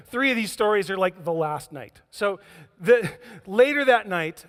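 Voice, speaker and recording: A man's voice: high-pitched, lively intonation, a little slow. A man preaching a sermon as pastor, telling stories with humor and acting out the scenes. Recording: echoey church hall.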